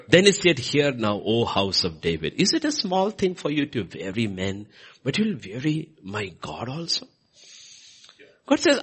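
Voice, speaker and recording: Male preacher, sermon, husky voice, lively swooping pitch, church. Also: normal speed. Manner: animated, swinging pitch and loudness for emphasis.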